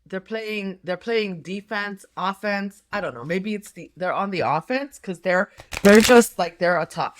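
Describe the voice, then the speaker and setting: A middle-aged woman doing a tarot reading, talking casually in a rambling way with many fillers and restarts. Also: fairly low pitch. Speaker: tarot reader and nurse health coach.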